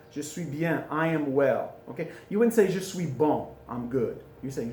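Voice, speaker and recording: A man teaching French in a classroom, chatty and informal, repeating phrases slowly for students to drill. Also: medium pitch, animated, a little mellow, roomy sound, slight background noise. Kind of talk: recorded classroom lesson. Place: classroom with a board.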